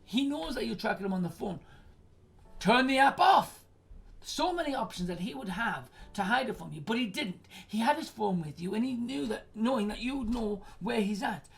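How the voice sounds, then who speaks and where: A woman's voice: medium pitch, lively intonation, brisk, creaky, few pauses. A woman in her forties hosting an advice stream, blunt and swearing freely as she rants at a listener. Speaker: advice show host.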